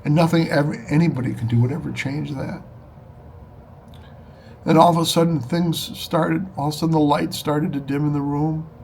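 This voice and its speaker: A man with a slightly raised voice recounts a personal experience in an earnest, halting way, often breaking off and starting his sentences again. A faint hiss sits under the recording. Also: a little high, fairly even intonation, vocal fry, a little mellow. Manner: earnest, halting, emotional storytelling with restarts. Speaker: storyteller recounting a spiritual experience. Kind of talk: personal testimony.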